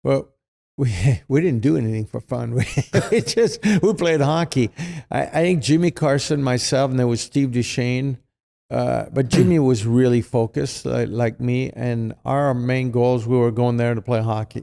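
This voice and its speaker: A middle-aged man with a French-Canadian accent spins casual stories, his voice gravelly and warm. He acts out the people he quotes, and fillers fill his talk. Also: medium pitch, fairly even intonation, normal speed. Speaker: guest, retired hockey player. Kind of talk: casual storytelling.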